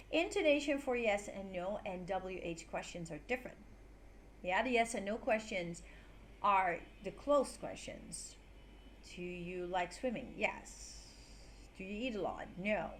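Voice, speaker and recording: A woman's voice: mid-range voice, a little hiss or hum. A young woman teaching an online English lesson, playfully demonstrating intonation with exaggerated examples.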